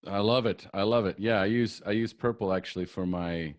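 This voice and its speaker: A man's voice: lowish voice, a little fast, no echo, studio quality. A man hosting a podcast who talks in a joking, meandering way, full of asides and restarts. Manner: jokey and meandering, with many fillers and restarts. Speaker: podcast host. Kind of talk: casual podcast interview.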